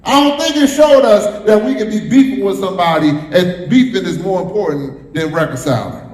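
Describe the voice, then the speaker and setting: A man's voice: high voice, lively intonation, normal speed, darkish tone. A man preaching a sermon as pastor, repeating phrases and drawing responses from the congregation. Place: church sanctuary. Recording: echoey hall, roomy reverb.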